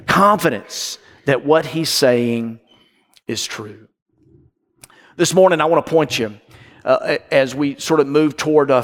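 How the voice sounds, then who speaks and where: A man preaching a sermon from the pulpit, emphatic and repetitive, swinging between loud and hushed. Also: mid-range voice, long reverb tail. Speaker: pastor. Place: church with balcony.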